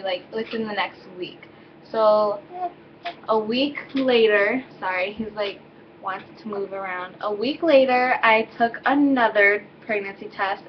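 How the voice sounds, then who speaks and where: A woman's voice: medium pitch, dull audio, slight background noise. A teenage girl telling a personal story in a loose, rambling way, full of fillers and self-corrections, recorded at home. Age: teens. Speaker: vlogger. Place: home, indoors with baby.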